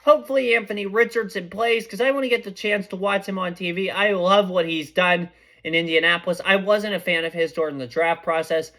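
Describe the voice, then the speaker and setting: A young man hosting a podcast, giving casual sports predictions in a chatty, excitable way and often correcting himself mid-sentence. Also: high-pitched, brisk. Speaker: podcast host.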